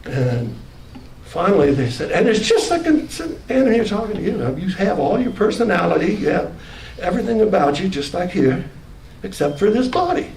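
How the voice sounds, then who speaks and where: A man's voice: sits high, big pitch swings, moderate pace, creaky, darkish tone. A man telling the story of his own near-death experience, often quoting himself with rising anger. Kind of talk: personal storytelling in an archival clip. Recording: roomy, distant, faintly noisy clip.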